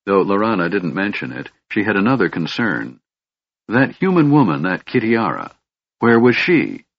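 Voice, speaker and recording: Male fantasy narrator, measured and expressive, low voice, dry close sound. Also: no echo. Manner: measured storytelling. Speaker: audiobook narrator. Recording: dull lo-fi audiobook recording.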